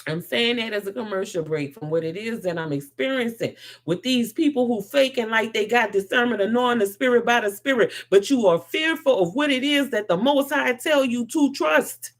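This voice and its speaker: A woman giving an impassioned spiritual monologue to a live audience, swinging from loud to soft. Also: a little high, animated, normal speed. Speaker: host.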